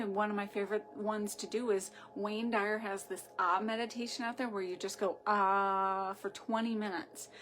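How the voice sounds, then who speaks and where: A woman's voice: mid-range voice, a little hiss or hum. A woman with a Boston accent, a sound healer talking casually and chattily on a home livestream, rambling loosely and often asking "right?".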